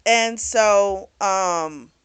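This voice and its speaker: A woman giving a casual, blunt, profane recap of a novel's plot, animated and full of fillers. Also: mid-range voice, extremely slow, clean tone. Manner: blunt, profane, talks back at the characters; animated storytelling with lots of fillers. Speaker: book reviewer.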